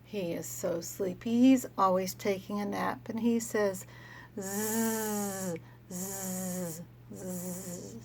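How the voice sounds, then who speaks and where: Woman teacher, slow and slightly gravelly, gentle phonics lesson for kids. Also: mid-range voice, slight background noise. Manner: slow, gentle, sounding out letters for children.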